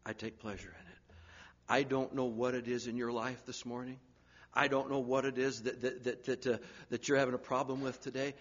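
A man preaching a sermon, swinging from loud urgent pleading down to hushed, near-whispered lines. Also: medium pitch, flat delivery, brisk, muffled recording.

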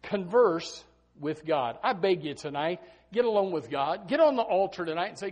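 A middle-aged man preaching a sermon as a pastor, swinging from sudden shouted peaks down to quiet, low asides. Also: expressive, moderate pace.

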